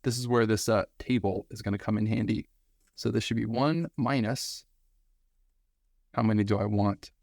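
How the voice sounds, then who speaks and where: A man's voice: on the low side, fairly even intonation, moderate pace, gravelly, pauses often, a little mellow, no echo, clean studio sound. A man teaching a recorded statistics lesson, talking energetically and repeating phrases for emphasis.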